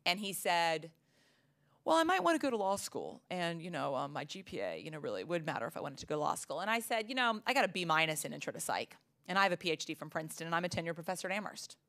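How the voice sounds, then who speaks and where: A woman's voice: sits low, animated, racing, fairly bright tone. A middle-aged woman, a psychology professor, telling a story in a Q&A with many fillers and restarts. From United States. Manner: chatty, many fillers and restarts, laughs often. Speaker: psychology professor giving a talk. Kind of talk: storytelling answer in a Q&A.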